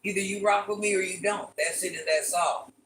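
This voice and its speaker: A woman's voice: medium pitch, steady tone, fairly quick, background noise. An older woman hosting a casual live stream, chatting with viewers and repeating requests to like and subscribe. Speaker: livestream host. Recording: echoey room, voice from far off.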